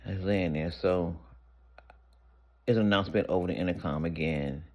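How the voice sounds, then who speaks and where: A man's voice: sits low, normal speed. A man telling a personal story in a casual, candid storytime vlog, rambling and restarting as he goes. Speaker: storyteller vlogger.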